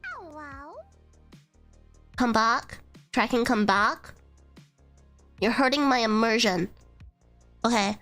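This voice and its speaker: Woman streamer, high voice, bright tone, sick and hoarse, giggly, unhurried casual chat. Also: soft background music. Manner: giggly, chatty, squeals greetings. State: hoarse from illness.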